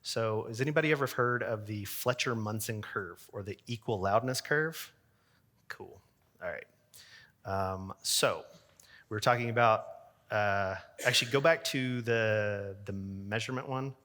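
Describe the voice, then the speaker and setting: A man's voice: on the low side, measured pace, bright, forceful tone. A man who works as a church sound engineer, giving a chatty talk to an audience, with lots of fillers and joking asides. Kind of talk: casual conference talk.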